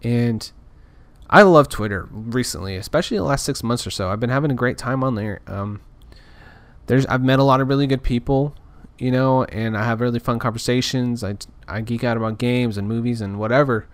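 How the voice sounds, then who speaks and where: A podcaster delivers a casual, rambling rant, his mid-range male voice running a little fast on a dry recording. He sounds frustrated and keeps restarting his sentences.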